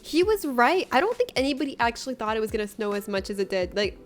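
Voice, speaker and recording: A woman's voice: fairly high pitch, very animated, quick pace, soft background music. A young woman streamer chatting casually with her viewers, bubbly and laughing often as she greets them by name. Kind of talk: casual livestream chat with viewers.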